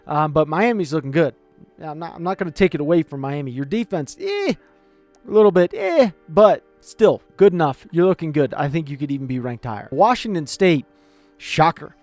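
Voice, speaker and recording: Male sports commentator, animated and rambling, slightly high voice, light music bed. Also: dry recording. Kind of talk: casual opinionated chat.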